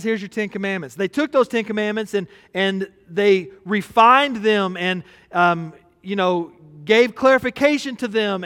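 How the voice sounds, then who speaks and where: A man's voice: high voice, a bit bright, clear, resonant tone, long reverb tail. A man preaching a conversational sermon as pastor, telling a personal story with laughter.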